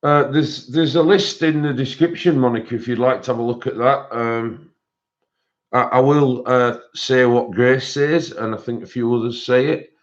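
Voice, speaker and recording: A man's voice: mid-range voice, fairly even intonation, normal speed. A man hosting a colouring live stream in casual, rambling chat, greeting viewers by name. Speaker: colouring channel host. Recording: dull lo-fi stream audio.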